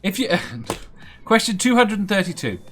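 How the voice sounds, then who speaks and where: Man hosting a quiz, animated, bright voice, teasing, faint music. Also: sits high, normal speed. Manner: playful and teasing, laughs often. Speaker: quiz host.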